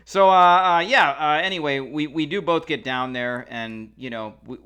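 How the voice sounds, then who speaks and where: A man's voice: mid-range voice, moderate pace, sharp tone, clean tone. A man co-hosting a podcast, telling a rambling casual story with lots of fillers. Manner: rambling, many fillers and restarts. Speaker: podcast co-host.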